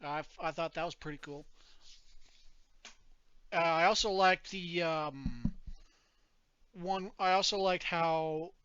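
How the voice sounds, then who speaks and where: Man, podcast co-host, chatty and rambling; bright voice, dull lo-fi sound. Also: a little high, slow pace, long pauses, clean tone, no room sound. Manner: rambling, laughs often, many restarts. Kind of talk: casual chat.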